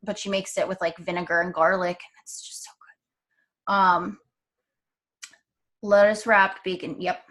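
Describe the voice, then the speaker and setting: A woman's voice: lowish voice, a little slow, pauses often. A woman vlogger chatting casually, telling stories animatedly with lots of "um" and "like". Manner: chatty, animated storytelling with frequent fillers. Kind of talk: casual chat.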